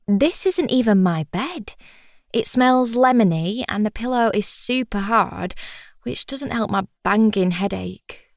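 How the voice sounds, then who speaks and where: A woman's voice: medium pitch, dry recording, studio quality. A woman reading a first-person audiobook in a wry, chatty, confiding manner. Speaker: audiobook narrator.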